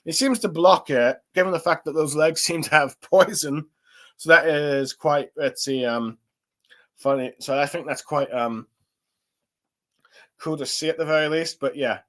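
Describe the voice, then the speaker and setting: A man's voice: fairly high pitch, a little slow, a bit bright. A young man giving a casual spoken review, rambling with lots of fillers and restarts. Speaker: anime and manga reviewer.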